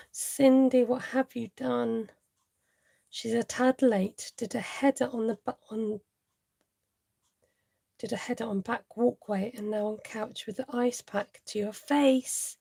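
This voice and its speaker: A woman's voice: on the high side, steady tone, slow, vocal fry, warm tone, dry recording. A woman hosting a live card-making tutorial, chatting to viewers and laughing often as she works.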